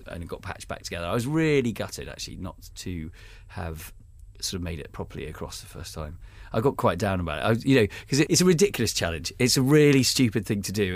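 A man's voice: on the low side, no room sound. A British man, a guest author, telling a self-mocking, humorous story in a rambling, casual way.

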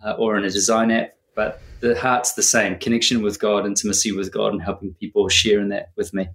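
A man, answering a podcast interview in a thoughtful, earnest way and pausing to find his words. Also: on the low side, little pitch movement, gravelly, a bit bright, echoey room. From New Zealand. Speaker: podcast guest.

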